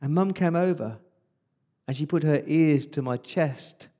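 A preacher speaking as an Israelite firstborn remembering Passover night, telling it vividly in the first person. His voice sits a little high for a man and drops to a hush when the story turns dark. This is a dramatic monologue inside a sermon. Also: unhurried. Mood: tense.

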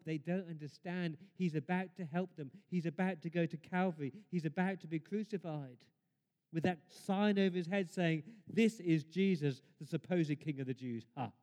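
A man preaching a sermon in a church, emphatic, rising to loud exclamations and dropping to quiet asides. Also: on the high side. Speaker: pastor. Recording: long reverb of a church hall.

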